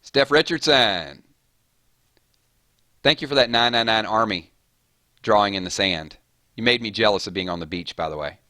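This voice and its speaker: A man's voice: lowish voice, bright, forceful tone, dry recording, studio quality. A man hosting a casual live stream, rattling off chat names and thanking viewers. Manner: rapid-fire, chatty, reading names off chat.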